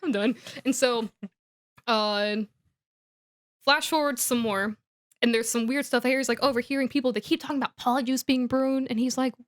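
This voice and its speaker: A woman's voice: a little high, fairly even intonation, normal speed, pauses often. A woman co-hosting a podcast, giving a casual comedic recap in a giggly, rambling way. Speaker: podcast co-host.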